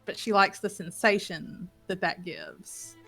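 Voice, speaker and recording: A woman player telling a tabletop game recap in casual chat, lively and swearing freely. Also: lowish voice, unhurried, creaky, faint music behind.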